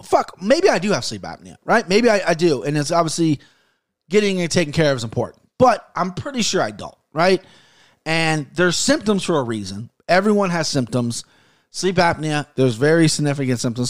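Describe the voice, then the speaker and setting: Man, 30s, podcast host, heated and profane, rambling delivery, voice a bit high. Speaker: podcast host giving fight picks. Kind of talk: casual podcast rant and betting picks.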